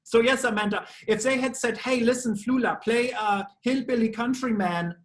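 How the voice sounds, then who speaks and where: A man's voice: very high-pitched, moderate pace. A man with a German accent, a voice actor answering press questions in a playful, quirky way. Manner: playful, quirky offbeat phrasing. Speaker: voice actor guest. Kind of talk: press junket interview.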